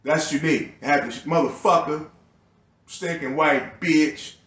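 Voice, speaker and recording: A man's voice: a little high, steady tone, unhurried, fairly bright tone, reverberant. A man delivering a profane, agitated and bitter ranting monologue to his video channel. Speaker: YouTuber.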